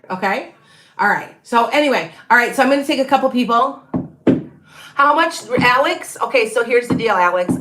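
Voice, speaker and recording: A woman's voice: medium pitch, bright, forceful tone. Middle-aged woman, tarot reader, loose rambling livestream chat with viewers. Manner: rambling, chatty, many restarts and asides.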